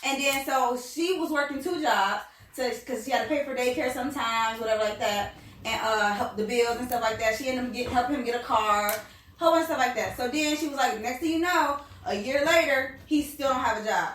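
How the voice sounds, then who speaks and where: A woman telling a story in a relaxed, chatty way on a group podcast, full of fillers like "whatever". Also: sits high, fairly quick, slight background noise. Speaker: podcast panelist. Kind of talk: casual storytelling. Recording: very echoey room, mic at a distance.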